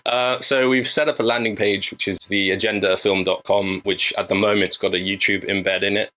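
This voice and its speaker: A man's voice: on the low side, fairly even intonation, normal speed, sharp tone, rough recording. A man from England, a filmmaker guest, talking casually over a video call and thinking aloud with many fillers and restarts. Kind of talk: casual interview chat.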